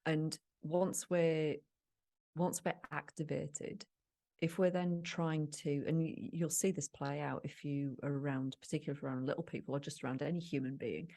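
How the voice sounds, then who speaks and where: A woman's voice: deep voice, steady tone, moderate pace, creaky, warm tone. A woman co-hosting a podcast, explaining ideas in a thoughtful, casual way with frequent restarts. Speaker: podcast co-host.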